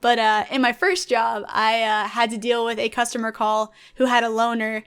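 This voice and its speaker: A woman's voice: a little high, normal speed, smooth. A young woman in her twenties chatting enthusiastically in a casual vlog about her past jobs. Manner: chatty, enthusiastic, animated storyteller. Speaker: gaming YouTuber and streamer.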